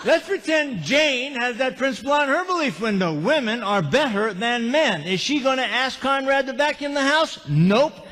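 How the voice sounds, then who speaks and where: A high, lively male voice gives a seminar talk, swinging his pitch widely as he tells stories. He keeps it humorous and turns questions out to the crowd. The long reverb of a large hall carries every phrase. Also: moderate pace, hardly any pauses, a little hiss or hum. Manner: animated, humorous, asks the audience questions. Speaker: motivational speaker. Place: large lecture hall with live audience.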